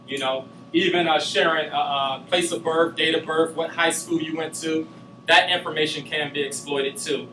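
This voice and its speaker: A man's voice: fairly high pitch, fairly even intonation, moderate pace, reverberant, far from the mic, noisy background. A man giving a class presentation, talking loosely with many filler sounds. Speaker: student giving a class speech.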